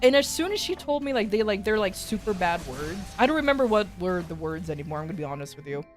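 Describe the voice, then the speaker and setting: A woman's voice: mid-range voice, big pitch swings, quick pace, faint music behind. A woman with an American accent chatting casually on a stream, rambling through a story, swearing freely and laughing often. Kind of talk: casual chat.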